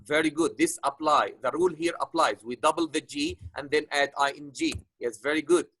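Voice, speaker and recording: A man's voice: a little high, a little fast, a bit bright, no room sound, poor audio. A man teaches an online grammar lesson in a slightly raised voice, patient and repeating himself, with many fillers. The sound is dry and close. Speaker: English teacher.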